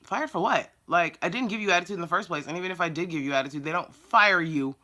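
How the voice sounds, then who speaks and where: Blunt, exasperated woman vlogger telling a story. Sharp, bright tone. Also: fairly low pitch, rapid-fire. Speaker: dog groomer. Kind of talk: casual storytelling vlog.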